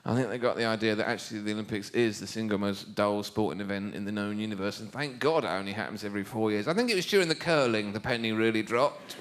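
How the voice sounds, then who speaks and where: A man doing a sardonic stand-up routine on stage, mocking his subject and breaking into shouted mimicry. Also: fairly low pitch, fast, hardly any pauses. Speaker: stand-up comedian. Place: theatre stage before a live audience. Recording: live show with loud audience noise.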